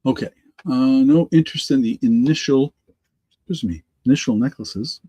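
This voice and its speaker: A middle-aged man hosting a live online auction, congested from allergies and slightly raspy, rambling and correcting himself as he answers viewers by name. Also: medium pitch, moderate pace, dark tone, dry recording, highs cut off. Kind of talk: live-stream auction chat.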